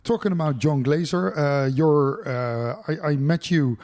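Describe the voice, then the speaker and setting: A man's voice: fairly high pitch, unhurried, a little mellow. A Dutch man hosting a podcast interview in English, enthusiastic, his phrasing full of fillers. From Netherlands. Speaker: podcast host.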